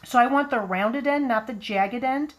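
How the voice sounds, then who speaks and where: A woman casually demonstrating how to apply nail strips, chatting and rambling with friendly asides, a frog in her throat that makes her clear it now and then. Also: a little high, moderate pace. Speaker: nail product seller demonstrating application.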